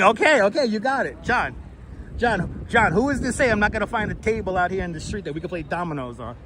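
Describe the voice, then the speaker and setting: A man with a Brooklyn accent hosting a casual live-stream walking tour, joking and swearing as he chats with viewers. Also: sits high. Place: outdoors on busy city streets. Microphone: wireless clip-on mic. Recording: loud city street noise.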